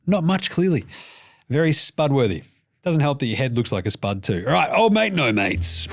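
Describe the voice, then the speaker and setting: A man with an Australian accent hosting a casual sports podcast, jokey and animated, swearing freely. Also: on the high side, normal speed, creaky. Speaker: podcast host.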